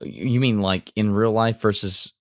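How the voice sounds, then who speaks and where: A man with a Southern US accent, chatting casually as a podcast co-host. His voice sits fairly low, and he talks in an earnest, self-deprecating way with easy laughs. The sound is dry and close. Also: measured pace, dry recording. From Alabama, US. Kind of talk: casual conversation.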